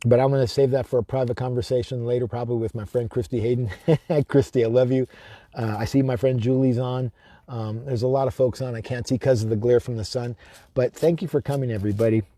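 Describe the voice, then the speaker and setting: A man, a shamanic drum healer, giving a heartfelt live-streamed spiritual talk, slow and repetitive with chanted invocations, teary-eyed and speaking to his own camera. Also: mid-range voice, mellow. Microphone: self-filmed camera.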